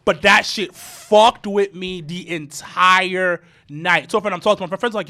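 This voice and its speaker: A man in his thirties telling a story in casual podcast chat, animated and profane, with stammering restarts. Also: high-pitched, normal speed, hardly any pauses. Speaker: podcast co-host.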